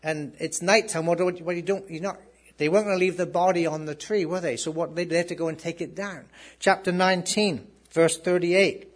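A man's voice: high-pitched, fairly even intonation, brisk. A man preaching a sermon, reading scripture aloud and then talking it over, repeating words as he goes. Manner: swings from loud reading to soft asides, repeats words.

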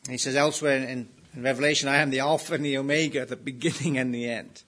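A man's voice: mid-range voice, fairly even intonation, fast talker. A man preaching an expository sermon, asking his listeners rhetorical questions and pressing hard on key phrases. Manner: emphatic, rising to loud stresses on key phrases.

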